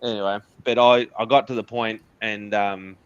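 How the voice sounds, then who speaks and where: A man's voice: fairly low pitch, fairly even intonation, normal speed, clean tone, no room sound, lo-fi sound. A man with an Australian accent, an interview guest candidly telling a personal story in casual conversation. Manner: candid, earnest storytelling with laughs.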